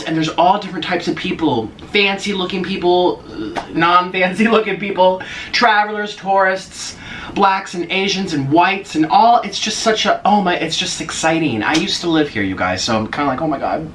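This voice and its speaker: A man in his twenties talks in a casual mukbang vlog from an apartment on a busy street. His voice sits high and swoops around a lot, and he gushes with gasps and squeals. Faint street noise hums behind him. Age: 20s. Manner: excitable, gushing, many gasps and squeals. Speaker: vlogger. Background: faint street ambience.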